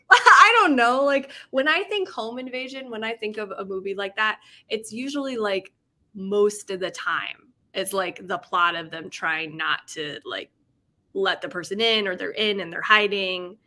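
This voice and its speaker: Bright, chatty young woman. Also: mid-range voice, lively intonation, unhurried. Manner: chatty, rambling, laughs often, reads chat aloud. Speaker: livestream host. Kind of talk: casual chat.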